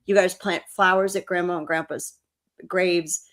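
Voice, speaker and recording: Woman co-host, lower voice, casual and chatty, emotional storyteller. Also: fairly even intonation, unhurried, a bit bright. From New Orleans. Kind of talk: casual chat.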